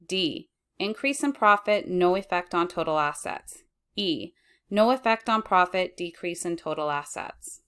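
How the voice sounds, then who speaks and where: A woman with a somewhat low voice walks through accounting slides. She reads at a steady, measured pace and stops to correct her own slips. She sounds like a middle-aged instructor recording a lecture. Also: smooth.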